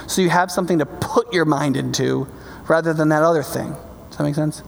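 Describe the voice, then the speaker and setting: High, gravelly-voiced preacher man. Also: fairly quick, a little hiss or hum. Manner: emphatic, conversational, checks in with "okay?"; builds to passionate, loud climaxes. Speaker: pastor. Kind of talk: sermon. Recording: long reverb of a large hall.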